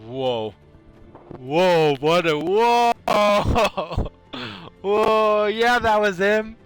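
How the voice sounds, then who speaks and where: A man streaming a game live, chatting casually and reacting excitedly and jokingly to the other players. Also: high voice, extremely slow, clean tone, faint music behind. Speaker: gaming streamer.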